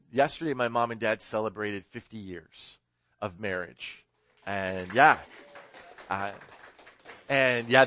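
A man's voice: mid-range voice, a bit bright, no echo. A man preaching a sermon, casual and rambling, often correcting himself and laughing along with his own story. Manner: rambling, self-correcting, chuckling. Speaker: pastor.

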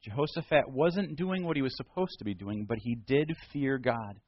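A man's voice: mid-range voice, moderate pace, no echo, muffled recording. A male pastor retelling a Bible story in a casual, conversational sermon.

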